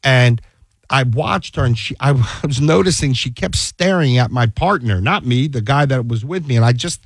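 A man's voice: medium pitch, moderate pace, no room sound. A man, a defense attorney, telling stories in a casual chat and acting out the dialogue he quotes. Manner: animated storyteller, acts out quoted dialogue.

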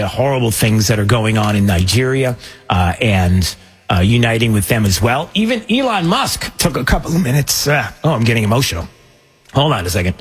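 A man hosts a show with rambling, casual commentary, joking around and using plenty of fillers. His voice is mid-range and slightly rough.

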